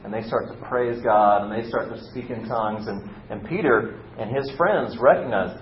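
A man's voice: moderate pace, hardly any pauses. A man preaching a casual, conversational sermon, telling a story and lightly acting out the quotes. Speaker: pastor. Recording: roomy, slightly dull recording with faint rumble.

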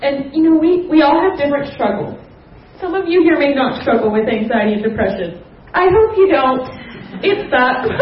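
A young woman giving an earnest personal testimony at a church gathering, with soft fillers and a confiding manner. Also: high voice, far from the mic, a little hiss or hum. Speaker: church speaker sharing testimony. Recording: roomy hall, slightly dull sound.

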